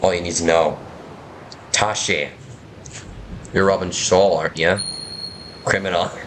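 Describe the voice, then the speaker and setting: A sly pipe-smoking sailor , as a man puts him on, speaks in short, knowing lines with a low, everyday voice. He is teasing and clipped, and there is a faint hiss behind him. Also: steady tone, measured pace, fairly bright tone. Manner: sly, curt.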